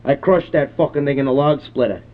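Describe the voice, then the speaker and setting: A man's voice: medium pitch, a little fast, close to an everyday voice. A man voicing a crude, hot-tempered, foul-mouthed middle-aged rural man who rambles and curses nonstop in a prank call. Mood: gruff, ranting. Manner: rambling, cursing constantly, belligerent. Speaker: prank caller. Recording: phone-line prank call recording.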